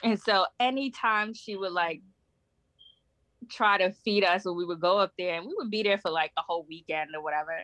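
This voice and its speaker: A woman chatting on a podcast as a guest, telling lively, profane, laughing stories. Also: medium pitch, fairly quick, dry recording. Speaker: guest, host's sister. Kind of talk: casual podcast chat.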